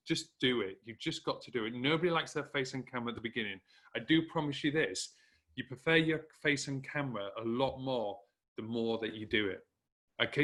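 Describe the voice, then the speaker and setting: A man's voice: mid-range voice, a bit bright. A man with a northern English Hull accent giving a direct, encouraging motivational talk to business owners. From northern England. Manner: direct, encouraging, emphatic repetition. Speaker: speaker coaching business owners.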